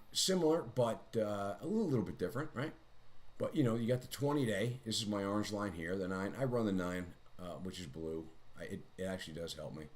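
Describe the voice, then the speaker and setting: A man with a somewhat low voice hosts a live trading stream. He walks through his charts in casual, rambling commentary and mocks himself now and then in chatty asides.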